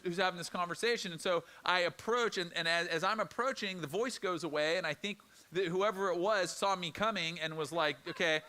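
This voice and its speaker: Bright-voiced pastor telling a story. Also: male voice, on the high side, clean tone. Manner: animated, conversational storytelling with quoted asides. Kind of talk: sermon storytelling.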